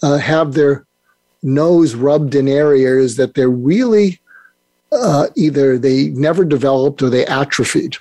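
A man's voice: mid-range voice, a little slow, dark tone, no room sound. An older man speaking as a guest on a podcast interview, rambling and restarting his sentences often. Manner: rambling, with many restarts and fillers. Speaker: guest expert.

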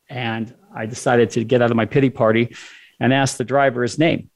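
A man's voice: medium pitch, steady tone, moderate pace. Man telling a story, acting out dialogue. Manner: conversational storyteller who acts out his own dialogue.

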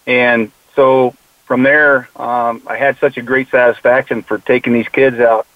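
A man's voice: mid-range voice, level tone, a little slow, no room sound. A man who mentors young hunters tells stories in an earnest, conversational way and often quotes what he tells the kids. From United States. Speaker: mule deer conservationist and youth hunting mentor. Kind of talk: casual conversational interview. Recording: tinny phone-like dry sound.

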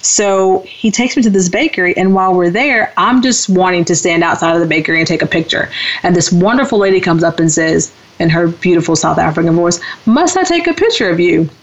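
A woman co-hosting a talk show from the United States, telling a travel story in a casual, animated way and acting out the voices of people she quotes. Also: fairly low pitch, a little fast. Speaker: co-host. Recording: dull lo-fi radio-show audio.

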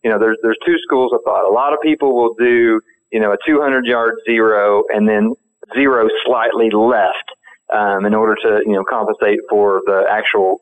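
A man's voice: lowish voice, steady tone, moderate pace. A man being interviewed as a guest, talking casually and thinking aloud with many fillers. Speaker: guest, firearms company founder. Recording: tinny phone line.

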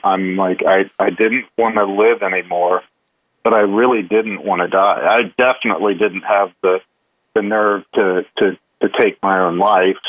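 A man telling a candid personal story as a guest, halting with many restarts and fillers. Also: fairly low pitch. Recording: tinny phone line.

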